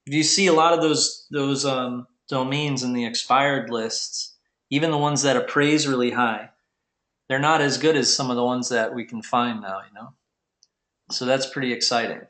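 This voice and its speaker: Man, webinar host, mid-pitched, loose rambling delivery full of fillers, echoey room on a computer mic. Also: steady tone, moderate pace, fairly bright tone. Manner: rambling, frequent fillers and restarts. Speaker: webinar host teaching domain investing. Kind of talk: casual live webinar teaching.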